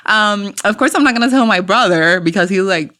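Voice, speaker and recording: A mother appearing as a guest, a woman with a non-native English accent, tells her story casually in a mid-range voice, speaking a little fast. She is animated, acting out quoted dialogue and laughing along.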